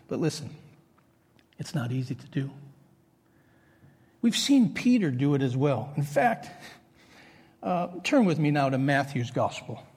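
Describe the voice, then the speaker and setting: Pastor guy preaching, kinda husky, lots of echo from the hall. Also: mid-range voice, measured pace, long pauses. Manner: animated, conversational preaching with jokes and acted quotes. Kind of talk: sermon. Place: church hall with congregation. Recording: echoey church hall.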